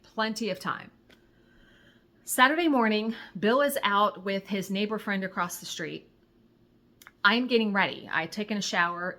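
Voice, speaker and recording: Middle-aged woman vlogger, bright voice, lively storyteller, acts out dialogue, casual swearing. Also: mid-range voice. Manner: animated, retells conversations, swears when excited. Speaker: crafting vlogger.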